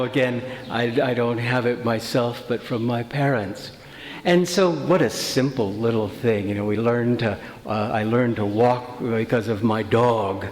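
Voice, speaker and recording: A man at a middle pitch gives a spiritual talk to a retreat group, chatty and full of stories, often stopping to restart a phrase. His voice carries a roomy echo with a long reverb tail from the hall. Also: darkish tone. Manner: anecdotal, conversational, many fillers and restarts. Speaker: retreat teacher.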